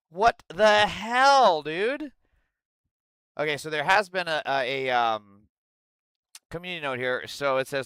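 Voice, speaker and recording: A profane, sarcastic man rants on his livestream into a close mic. His voice is bright and clear, with a wildly swinging pitch. The sound is dry, with no room around it. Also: lively intonation, a little slow, long pauses, no room sound. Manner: profane, sarcastic, yelling outbursts. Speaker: livestream host. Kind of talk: ranting livestream commentary.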